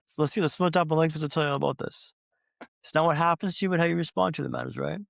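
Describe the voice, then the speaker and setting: A man's voice: on the high side, racing, creaky, no echo, clean studio sound. A man telling his recovery story as a podcast guest, like a practiced speaker, with repeated phrases for rhythm and speaking straight to the host. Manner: addresses the host directly.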